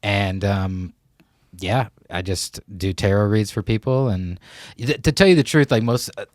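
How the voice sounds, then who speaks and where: A man's voice: lowish voice, measured pace, darkish tone, dry recording, studio quality. A man in his thirties co-hosting a podcast, talking in a laid-back, slangy and heartfelt way. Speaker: podcast co-host and psychic tarot reader. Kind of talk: casual podcast chat.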